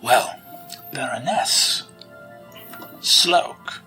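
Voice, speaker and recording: A man voicing a hushed, courtly hound-folk dame. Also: mid-range voice, husky, faint music behind, exaggerated voice. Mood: measured, gracious. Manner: formal, measured, courtly phrasing. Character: gracious hound-folk woman knight, formal and composed.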